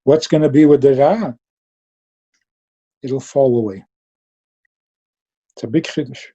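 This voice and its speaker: Dark, husky-voiced man giving a Chassidic talk. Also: mid-range voice, a little slow, lo-fi sound. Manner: lively storytelling, mixing Yiddish and Hebrew terms. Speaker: Chassidic teacher.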